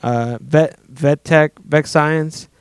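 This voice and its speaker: A man's voice: on the high side, fairly even intonation, slow pace. A man in a casual podcast chat, telling a long, rambling, profane story full of fillers. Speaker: guest storyteller.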